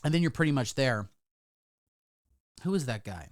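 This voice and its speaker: A man's voice: medium pitch, animated, normal speed, no echo, studio quality. A man giving casual live-stream commentary, sarcastic and rambling, swearing freely. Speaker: livestreamer.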